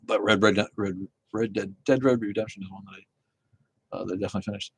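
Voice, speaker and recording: Man, low husky voice, dry sound, swearing livestream rant. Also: steady tone, quick pace, dry recording. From Connecticut, USA. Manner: profane, heated ranting. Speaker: livestream host. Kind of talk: live-stream rant and chat with viewers. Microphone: phone.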